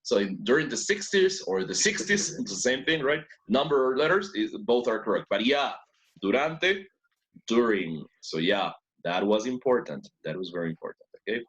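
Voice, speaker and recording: A man's voice: medium pitch, expressive, normal speed, fairly bright tone. A man teaching an English class who praises students often, repeats their answers and switches between English and Spanish.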